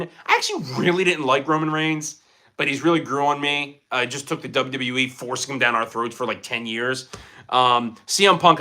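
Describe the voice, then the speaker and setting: Bright, animated man streaming live. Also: on the high side. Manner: animated, jokey, reacts to chat questions. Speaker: livestreamer reading chat. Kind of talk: casual livestream chat. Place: room at home with collectible figures.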